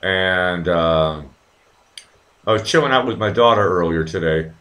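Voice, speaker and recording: This live-stream host has a low-sitting, slightly bright voice and a measured pace. He rambles casually with plenty of profanity, reads viewer comments aloud, sometimes slips into silly voices, and gets distracted easily.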